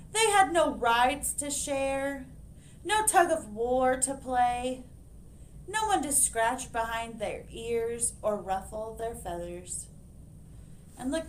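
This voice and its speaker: A woman librarian reading a picture book aloud to children, expressive and animated, pointing out the pictures. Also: fairly high pitch, slight background noise.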